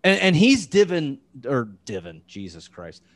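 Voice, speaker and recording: A podcast host with a higher male voice swings hugely in pitch and takes his time. Chatting casually, he rambles and swears, packing his talk with "like," other fillers and restarts. No echo is audible.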